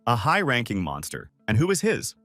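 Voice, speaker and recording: A man reading the lines of a scheming, ambitious young male student mage in a storybook recap, with lively, swinging intonation. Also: mid-range voice, normal speed, dry recording, faint music behind.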